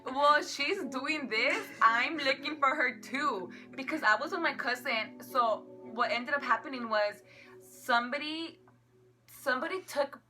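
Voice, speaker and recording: A young adult woman telling a funny story to her sister, animated and quick, full of filler likes. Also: sits high, faint music behind. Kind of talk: casual storytelling.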